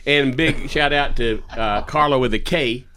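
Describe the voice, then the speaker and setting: A man's voice: medium pitch, a little slow, sharp tone, slight background noise. A man hosting a podcast, chatting casually and telling folksy stories with lots of laughter. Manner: folksy storyteller, laughs a lot. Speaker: podcast host.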